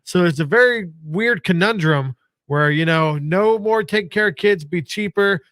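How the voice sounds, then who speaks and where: A middle-aged man co-hosting a casual sports podcast, relaxed and quick to laugh at himself. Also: sits high, no echo. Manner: relaxed, laughs easily, self-deprecating. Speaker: podcast co-host.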